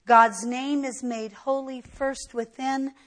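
A woman's voice: high voice, steady tone, slow. A middle-aged woman preaching a sermon as a Bible teacher, earnest and emphatic, pushing her voice up sharply to stress a point.

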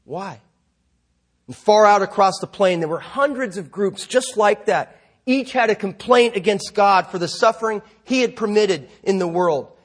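A man's voice: high voice, moderate pace. A middle-aged male pastor preaching a sermon, moving from conversational asides into storytelling. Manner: conversational, self-deprecating asides, then vivid story narration.

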